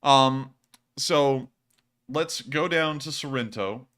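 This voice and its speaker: A young man hosting a casual livestream and reading donations, animated and quick to laugh. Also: mid-range voice. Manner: animated, laughs often, swings loud and quiet.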